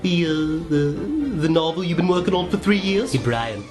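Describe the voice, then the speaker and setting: A man's voice: sits high, sing-song, moderate pace, darkish tone, soft background music. A man imitating a posh, scheming cartoon baby boy in a clip played on stream, with a fussy, clipped manner. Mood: sneering.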